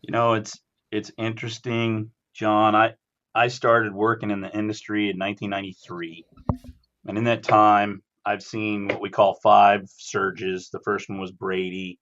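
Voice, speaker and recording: Lower-voiced man guest, dull lo-fi sound. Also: measured pace, a little hiss or hum. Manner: relaxed storyteller, chuckles. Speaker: podcast guest, industry executive. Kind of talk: casual chat.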